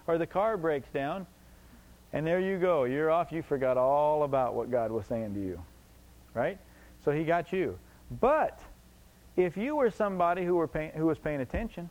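A man's voice: fairly high pitch, darkish tone, rough recording. A man preaching a sermon emphatically, repeating his points and asking the congregation rhetorical questions.

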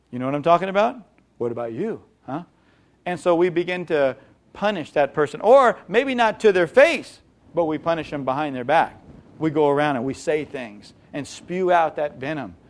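A man preaching a sermon in a conversational way, with rhetorical questions and acted-out examples. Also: high-pitched.

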